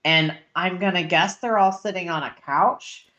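A woman with a somewhat low voice talks casually as co-host, picking apart a story draft. She clears her throat now and then and fills pauses with ums while she thinks aloud. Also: pushed and bright, dull audio. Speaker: podcast co-host critiquing writing. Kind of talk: casual chat.

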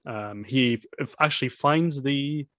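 A man's voice: medium pitch, unhurried, fairly bright tone, dry recording. A man casually discussing a film with a friend, rambling with many fillers and restarts.

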